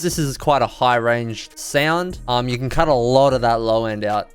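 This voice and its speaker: Smooth-voiced man explaining a beat. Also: mid-range voice, moderate pace, hardly any pauses, faint music behind. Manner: relaxed, explanatory, casual phrasing. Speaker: music producer. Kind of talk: beat-making tutorial walkthrough.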